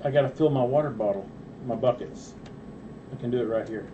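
A woman co-playing a game, calm and matter-of-fact in casual chat. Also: very deep voice, brisk, lo-fi sound, background noise. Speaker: co-player.

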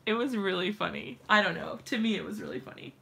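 A woman's voice: medium pitch, vocal fry, bright, forceful tone, slightly rough. A young woman chatting casually to viewers during a live craft stream, laughing often. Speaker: craft livestream host.

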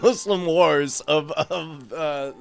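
A man's voice: on the high side, takes it slowly, gravelly. A man in a casual podcast chat, playful and laughing often.

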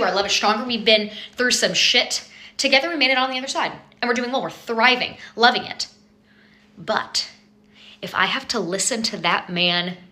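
A woman's voice: on the high side, bright, forceful tone, reverberant. A young woman doing a comedic rant to camera, exasperated and emphatic, swearing for effect. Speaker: comedy video creator.

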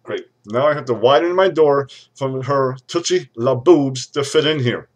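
A man's voice: medium pitch, normal speed, lightly acted. A man playing a pompous, irate lawyer who rants and threatens to sue everyone, recorded on a webcam. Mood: ranting. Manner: ranting, threatening lawsuits, sudden shouts. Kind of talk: comedic webcam character rant.

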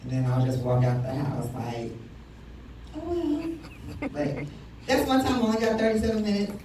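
A woman's voice: mid-range voice, flat delivery, fast talker, mellow, slight background noise. A woman in her thirties doing a stand-up set, brash and profane, teasing the crowd. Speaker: stand-up comic. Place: comedy club stage. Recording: echoey club room from far off.

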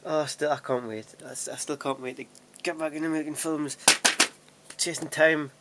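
In a very noisy recording, a young man with a slightly high, fairly even voice speaks at normal speed. He's a vlogger at home sorting DVDs, rambling casually and self-deprecatingly, laughing often and beginning sentences again.

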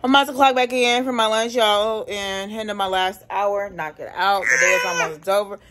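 A brisk, steady, mid-range female voice comes through a very noisy recording. The speaker, a young single mother working from home, vlogs casually into her phone camera from her house and laundry room, candid and sometimes swearing.

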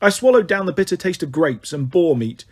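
A man's voice: on the high side, lively intonation, brisk, breathy edge. A man narrating an audiobook in first person, telling the story expressively.

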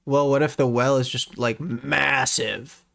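A young man hosting a livestream, playful and quick to laugh, giving shout-outs to his chat. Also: medium pitch, steady tone, gravelly. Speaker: streamer host. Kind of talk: casual stream chat.

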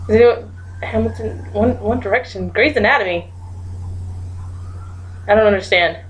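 A woman's voice: medium pitch, moderate pace, lo-fi sound, noisy background. A woman casually commenting as she plays a guessing game, giggling and thinking aloud while she types her guesses. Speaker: gaming YouTuber.

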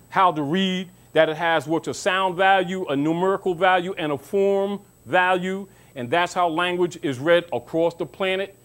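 High-voiced man lecturing, preachy. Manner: preachy, rhetorical questions, mocking asides; calls listeners baby. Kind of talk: informal lecture to an audience.

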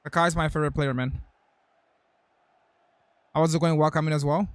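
A man's voice: on the high side, steady tone, normal speed, no echo. A young man streaming a football video game, reacting in hyped slang and reading out chat messages. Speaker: gaming streamer. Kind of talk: live-stream gameplay commentary.

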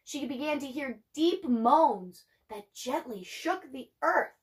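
A woman teacher reads a children's novel aloud with lively expression, her voice sitting a little high. She breaks off now and then for chatty asides to her students. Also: slow.

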